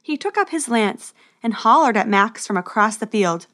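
A woman narrates a storybook adventure with a steady, expressive delivery. Her voice sits a touch high for a woman, and she keeps the story moving evenly. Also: moderate pace.

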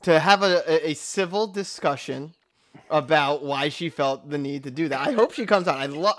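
Ex-radio man as podcast guest, slightly higher voice, animated. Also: normal speed. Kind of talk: casual chat.

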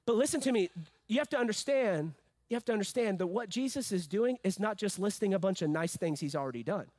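High-voiced, emphatic male preacher. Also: animated, fast talker, no echo. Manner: emphatic, swings from loud peaks to hushed low phrases, joking asides. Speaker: pastor. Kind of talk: sermon.

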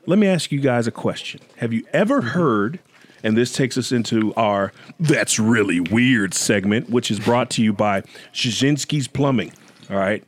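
A man hosting a casual podcast chat, telling stories in an animated way and joking around. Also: mid-range voice, a little slow. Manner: animated storyteller, jokes with put-on accents. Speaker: podcast host.

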